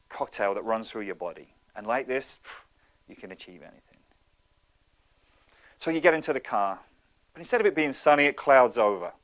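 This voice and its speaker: A man in his thirties gives a motivational talk to an audience, with an average male pitch. He tells stories in an animated, conversational way, often addressing his listeners directly. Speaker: speaker.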